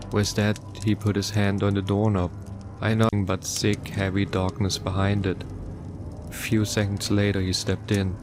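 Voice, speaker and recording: A man narrating a first-person horror story in a somber, measured way. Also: on the low side, background noise.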